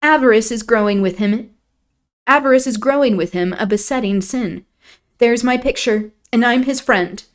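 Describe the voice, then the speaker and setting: A woman reading aloud, voicing a proud, sharp-tongued young lady of the house in a raised, emphatic voice. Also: a little high, moderate pace, pitched above the performer's own voice, natural voice. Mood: scornful. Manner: scornful, emphatic.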